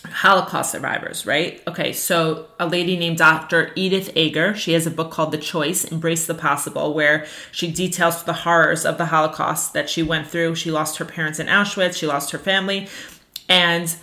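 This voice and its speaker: Earnest woman teacher with a bright voice. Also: deep voice, normal speed. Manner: earnest and animated, with many fillers. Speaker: religious teacher. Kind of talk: teaching a class on Jewish ethics.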